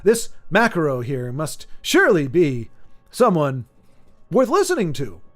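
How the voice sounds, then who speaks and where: A man's voice: fairly high pitch, huge pitch swings, measured pace, soft background music. A man putting on the voice of a pompous, posh-sounding educated young man, haughty and drawn out.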